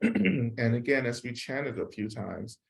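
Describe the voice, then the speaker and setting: A man guides a meditation at an unhurried, drawn-out pace, his voice carrying a gravelly, creaky grain. He speaks with calm deliberation and leaves long pauses. He leads the mantra one syllable at a time for listeners to repeat. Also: medium pitch, slight background noise. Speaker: meditation teacher.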